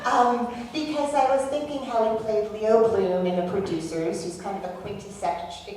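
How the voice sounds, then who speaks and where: A woman's voice: medium pitch, steady tone, normal speed, darkish tone. A woman hosting a live podcast interview on stage, talking in a chatty, joking way. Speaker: podcast host. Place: theater stage before an audience. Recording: echoey room, far from mic, audience. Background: audience.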